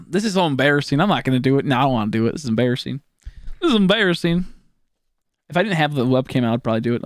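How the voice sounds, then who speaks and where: A young Texan man with a medium-pitched voice and a Texan accent chats with viewers while streaming a game, rambling, joking and swearing as he goes. The audio is clean studio sound with no room sound.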